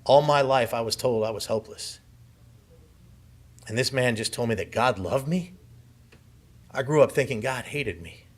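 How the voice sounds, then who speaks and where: A man's voice: mid-range voice, moderate pace, pauses often. A man from Southern California telling his personal story as a conference speaker, with vivid, earnest first-person storytelling. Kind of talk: personal testimony speech. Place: conference hall.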